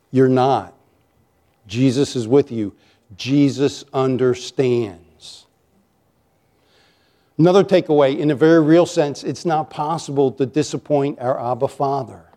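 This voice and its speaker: In a church sanctuary, a pastor preaches to his congregation in a voice fairly high for a man yet mellow and warm. He is emphatic and varies his pace, slowing and stretching out key lines and rising when he acts out accusations.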